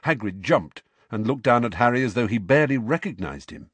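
A man narrating a novel aloud with expressive storytelling. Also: medium pitch, fairly quick, breathy edge, no echo. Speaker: audiobook narrator. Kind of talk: scripted narration.

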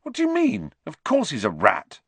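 A man's voice: a little high, huge pitch swings, moderate pace, vocal fry, fairly bright tone, slightly rough, no room sound, pitched above the performer's own voice, heavily acted. A man voicing a frightened, indignant teenage boy with a shaky voice. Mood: scared. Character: scared teenage boy, agitated and defiant.

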